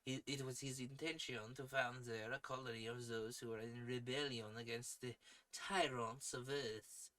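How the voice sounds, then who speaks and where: A man voicing a scheming male space tyrant who plots to conquer the Earth, in a put-on French accent and a slow, grandiose manner. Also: medium pitch, fairly even intonation, fairly bright tone, natural voice, rough recording. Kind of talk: dramatic reading of pulp fiction.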